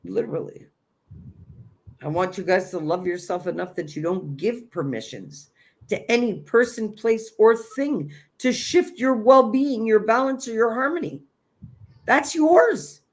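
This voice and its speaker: Male host, slightly high voice, earnest and encouraging, motivational self-help delivery. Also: expressive, unhurried. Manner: earnest, encouraging, repeats key phrases. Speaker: host of a spiritual livestream.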